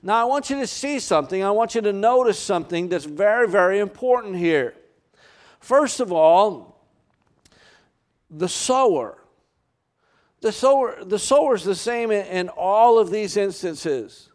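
A man preaching a sermon to his church, earnest, with frequent fillers, sometimes slowing for scripture and sometimes rushing. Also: sits high, animated. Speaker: pastor.

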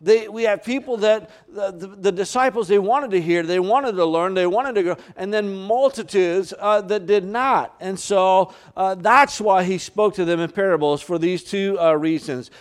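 His voice sitting high, a male pastor delivers an earnest sermon to his congregation. He uses lots of fillers and shifts pace, easing up when reading scripture and hurrying elsewhere.

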